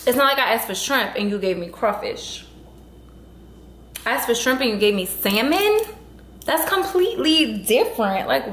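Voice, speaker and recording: A woman's voice: medium pitch, a bit bright, roomy sound, a little hiss or hum. A woman vlogging casually at home, venting in an exasperated, emphatic way about a grocery order. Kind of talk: casual vlog talk to camera. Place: at home indoors.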